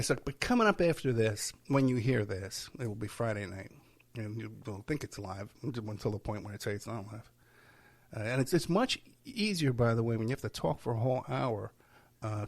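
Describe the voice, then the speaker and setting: A man's voice: fairly low pitch, creaky. A man hosting his own podcast, rambling casually from home, tired, breaking off mid-sentence and chuckling to himself. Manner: rambling, self-interrupting, with chuckles. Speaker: podcast host. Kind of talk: casual solo podcast monologue. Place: at home while packing.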